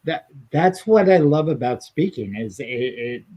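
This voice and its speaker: A man's voice: a little high, animated, a little slow, warm tone, low-quality recording. A man co-hosting a casual podcast, talking in an earnest, easygoing way with frequent fillers. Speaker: podcast co-host and stand-up comedian.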